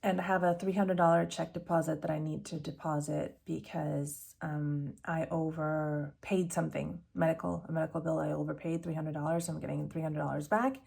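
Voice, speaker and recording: A woman's voice: sits low, little pitch movement, a little fast, gravelly, few pauses, a little mellow, slightly rough. A woman budgeting vlogger talking casually to camera, candid and rambling with fillers, self-corrections, nervous laughs and sighs.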